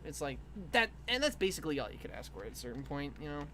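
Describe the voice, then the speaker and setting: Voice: medium pitch, big pitch swings, quick pace, sharp tone, a little hiss or hum. A co-host in casual chat, rambling, laughing often and swearing casually.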